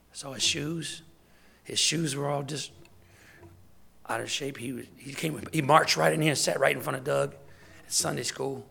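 A man's voice: a little high, gravelly, a bit bright, husky. A man serving as deacon, preaching a sermon in an emphatic, conversational way, with lots of repetition.

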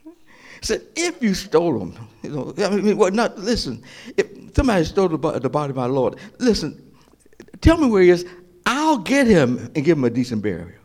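Preaching a sermon with a fairly high pitch, a male pastor retells scripture at a slightly quick pace, his pitch swinging hugely. He lurches from booming emphasis to whispers and keeps repeating and restarting his phrases.

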